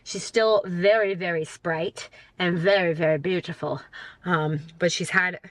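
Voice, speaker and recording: A vlogger in her thirties chats casually to her phone camera from a parked car, rambling with fillers and poking fun at herself. Her voice is fairly low, steady in tone and a little slow, and the recording is dry.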